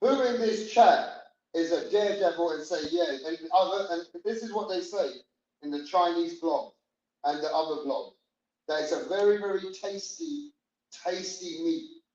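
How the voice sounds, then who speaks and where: High-voiced man goading his stream chat. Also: normal speed, no echo, lo-fi sound. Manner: loud, teasing, swears a lot, goads the chat. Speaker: livestream host. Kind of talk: casual livestream chat.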